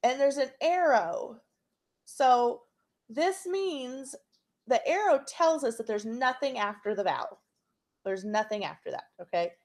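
A woman's voice: fairly high pitch, animated, a little mellow. A woman teaching a phonics and spelling lesson to young students, patient and checking in often. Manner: slow, patient, checks in with frequent "okay?".

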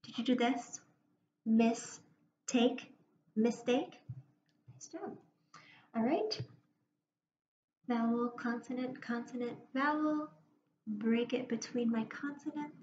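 A woman teacher giving a phonics lesson to young children, speaking slowly and clearly with encouragement. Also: a little high, darkish tone. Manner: slow, clear, encouraging classroom delivery. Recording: roomy, dull lo-fi classroom recording with faint noise.

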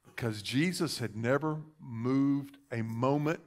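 A man preaching a sermon as pastor in a church, swinging between fervent loud passages and hushed, near-whispered ones. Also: mid-range voice, slow pace.

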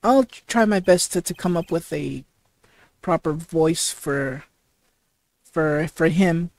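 A let's play host reading game dialogue and commenting, with halting, heavy stuttering. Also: mid-range voice, darkish tone, dry recording.

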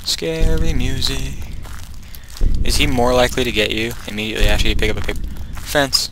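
A young man commentating a horror game, nervous and jittery, often going hushed, then bursting into panicked repeated words. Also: on the low side, fairly even intonation, very fast. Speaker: gaming YouTuber. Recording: noisy home mic recording.

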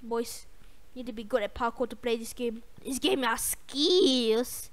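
A young woman hosting a gaming channel, giving casual, excitable gameplay commentary with a voice going hoarse. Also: on the high side, measured pace. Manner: excitable, yelps and trash-talks the game.

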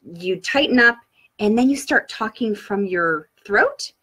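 Husky-voiced woman giving upbeat speaking tips. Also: mid-range voice, animated, a little slow, pushed and bright. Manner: upbeat, coaching, talks straight to viewers. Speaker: public speaking guest expert. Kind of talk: live online tips session.

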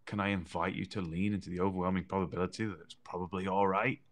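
Deep-voiced man, earnest. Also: little pitch movement, quick pace. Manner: earnest, emphatic, repeats phrases for effect. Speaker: podcast co-host. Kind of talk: casual conversational chat.

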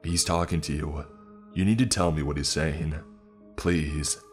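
A man voicing a desperate young man shouting urgently through a closed door. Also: very deep voice, steady tone, a little slow, faint music behind.

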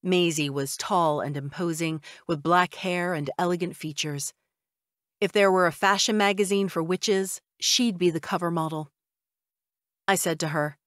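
A woman narrates a first-person audiobook in a wry, conversational way. Her fairly low, fairly bright voice keeps a fairly even intonation at normal speed, captured in a dry, clean studio recording.

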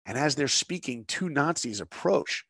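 A man's voice: medium pitch, animated, moderate pace, gravelly, a bit bright, breathy edge, no room sound, studio quality. A middle-aged man, a guest on a conversation show, telling a story in an earnest, preacher-like way and asking his listeners rhetorical questions. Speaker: guest, animation director.

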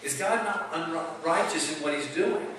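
A man's voice: a little high, normal speed, fairly bright tone, a little hiss or hum. A man preaching a sermon in an emphatic, conversational way, asking rhetorical questions. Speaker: pastor. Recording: echoey hall, mic at a distance.

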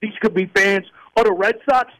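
A man plays a furious, crude Yankees fan calling a sports show, bragging and ranting. The voice sits high for a man. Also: normal speed, fairly bright tone, poor audio. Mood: scheming. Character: furious loudmouth male New York Yankees fan caller. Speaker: radio host playing a caller. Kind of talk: comedic sports radio bit.

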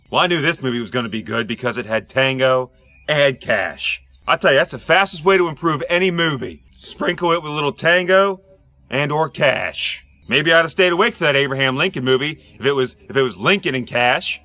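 A middle-aged man with a Pittsburgh accent, doing a rambling, gruff comic monologue aimed at his neighbors. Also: fairly high pitch, expressive, fairly quick, sharp tone, no echo. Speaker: comedic sitcom dad character.

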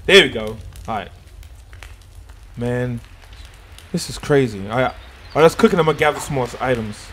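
A gaming YouTuber, male, with a medium-pitched, fairly bright voice at a normal speed, leaving long pauses as he does let's-play commentary on a survival game. He's jumpy, swears, and talks to himself throughout, with slight background noise in the recording.

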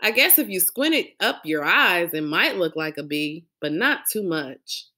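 A woman reading a novel aloud as a lively first-person storyteller. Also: lowish voice, measured pace. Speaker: audiobook reader. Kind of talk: audiobook narration.

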